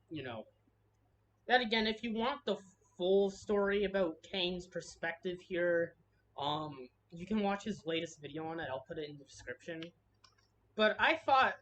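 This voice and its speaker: A woman's voice: fairly low pitch, fairly bright tone, a little hiss or hum. A woman delivering a harsh, heated commentary rant, swearing freely and restarting her sentences. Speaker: commentary video creator. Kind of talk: ranting commentary.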